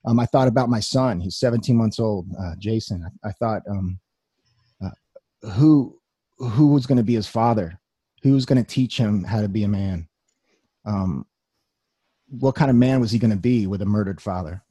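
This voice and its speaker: A man's voice: lowish voice, normal speed, long pauses, mellow, slightly rough, dry recording, studio quality. A young man giving a personal testimony talk, telling his story earnestly with wry humor.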